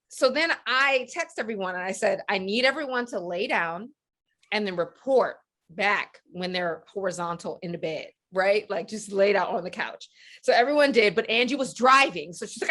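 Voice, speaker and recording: A woman on a book panel telling an animated story, acting out the voices of her friends and laughing often. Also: fairly low pitch, normal speed. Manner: lively, acts out quoted voices, laughs often. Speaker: panelist author.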